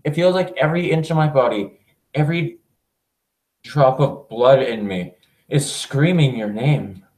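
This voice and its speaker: A man's voice: medium pitch, a little slow, darkish tone, natural voice. A man reading an obsessive lovesick young woman. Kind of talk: reading game dialogue aloud. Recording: echoey room.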